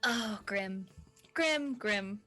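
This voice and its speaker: A woman's voice: mid-range voice, lively intonation, very slow, pushed and bright, soft background music. A woman narrating as dungeon master in a chatty, playful way. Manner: chatty, playful, with many fillers. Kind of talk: narrating a tabletop game.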